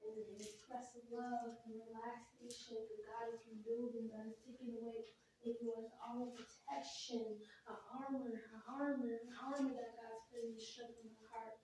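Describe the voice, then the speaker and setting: A woman giving a spontaneous online devotional, repeating "brothers and sisters" and swinging from soft murmurs to loud exclamations. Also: a little high, flat delivery, normal speed, recorded from a distance. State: emotional, holding her chest. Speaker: online preacher. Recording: very echoey room, voice off-mic, faint noise.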